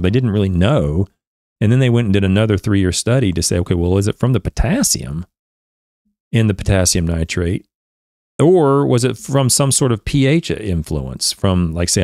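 Male podcast host, low-ish voice, dry close mic, reads papers aloud with excited stumbles. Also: no room sound. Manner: excitable, stumbling over words, restarts often. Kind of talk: reading aloud and commenting.

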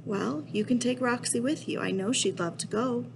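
A woman reading aloud voicing a patient, firm father, speaking calmly and apologetically. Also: on the high side, moderate pace, gravelly, slight background noise, pitched above the performer's own voice, poor audio.

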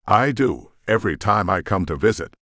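A man's voice: lowish voice, lively intonation, moderate pace, fairly bright tone, no echo, studio quality. A man voicing a proud, stern male god who is an estranged father, speaking in a cold, clipped, commanding way. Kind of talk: audiobook character voice.

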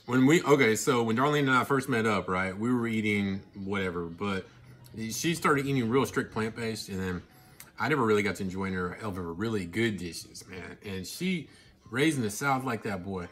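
A man talking casually to his viewers while he eats, chatty and excitable, with mouthfuls and happy murmurs between his sentences. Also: lowish voice. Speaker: vlogger. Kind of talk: casual eating vlog.

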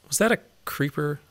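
A man with a fairly bright voice hosts a let's play, chatting casually and laughing often. He coaxes the game's animals in a singsong tone.

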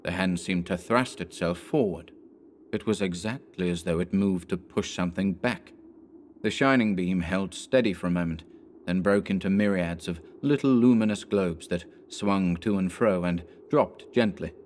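A man with a very deep voice reading a horror story aloud. his delivery is measured and dramatic, with a faint hiss under the recording. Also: a little mellow. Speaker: narrator. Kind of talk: audiobook horror narration.

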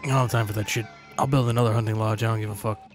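A man's voice: on the low side, fairly even intonation, rapid-fire, faint music behind. A man giving casual gameplay commentary, swearing and talking sarcastically to the characters on screen. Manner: profane, sarcastic, talks to game characters. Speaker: gaming channel host.

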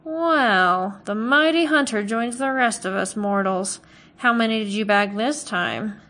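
A woman's voice: a little high, unhurried, bright, forceful tone. A woman doing a scornful, sneering village butcher. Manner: scornful, sarcastic and snappish. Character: sneering, suspicious small male village butcher.

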